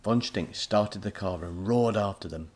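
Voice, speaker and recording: A man narrating a children's story as an expressive audiobook reader. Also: fairly low pitch, unhurried.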